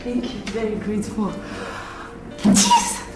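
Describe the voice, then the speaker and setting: A woman, acting in a film drama, calmly reassuring a friend over and over. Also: mid-range voice, unhurried, loud music behind the voice. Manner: soothing, repetitive reassurance. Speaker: friend helping a woman in labor.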